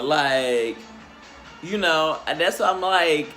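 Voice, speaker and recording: A man hosting a casual reality show recap, gossiping in a sassy, animated, profane way. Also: fairly high pitch, takes it slowly, soft background music.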